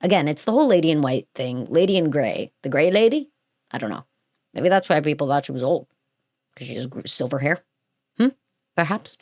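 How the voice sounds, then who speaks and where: A woman's voice: low voice, expressive, a little fast, pauses often, no echo, clean studio sound. A woman hosting a podcast, reading a script aloud and breaking off into chatty, gushing asides full of fillers. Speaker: podcast host. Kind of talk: casual chat reading and reacting to a script.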